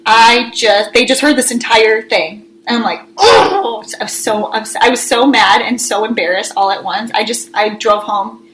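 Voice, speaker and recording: A woman co-hosting a casual chat show, telling a story with lively energy. Her voice sits a little high, with a faint hum of background noise. She breaks into shouts when she acts out scolding. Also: moderate pace, hardly any pauses, poor audio. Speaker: podcast co-host.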